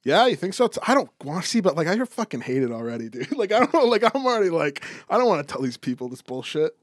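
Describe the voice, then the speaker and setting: A man's voice: fairly high pitch, fast talker, no room sound, clean studio sound. A young man co-hosting a casual comedy podcast, telling stories animatedly with lots of swearing and "dude". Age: young adult. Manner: animated storyteller, swears a lot, says "dude". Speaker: co-host.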